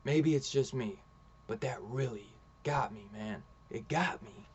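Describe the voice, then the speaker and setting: A man's voice: mid-range voice, unhurried, a little mellow, highs cut off, slight background noise. A man casually reviewing a comic book, rambling through the story and retelling it with lots of "he's like" quotes.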